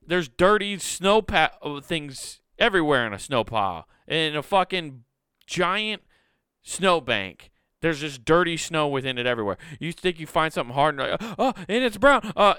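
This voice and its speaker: A man's voice: fairly high pitch, pushed and bright, smooth, no echo, studio quality. A young man hosting a podcast, telling a story in an exasperated, profane rant. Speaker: podcast host. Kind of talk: casual solo storytelling.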